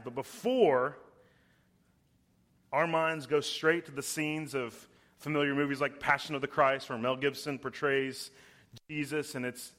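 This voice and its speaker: A young adult man preaching a sermon, emphatic and slowing down to stress key words. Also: mid-range voice, a bit bright. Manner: puts on voices when quoting.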